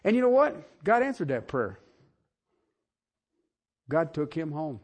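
A middle-aged male pastor preaching a sermon, swinging from soft asides to shouted emphasis. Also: a little high, very animated, measured pace.

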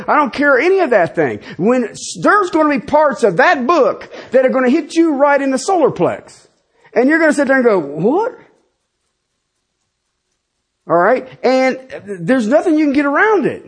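Speaking in a very high-pitched, husky voice, a fifties-aged pastor preaches with lively, conversational energy. He drops casual asides to his congregation along the way.

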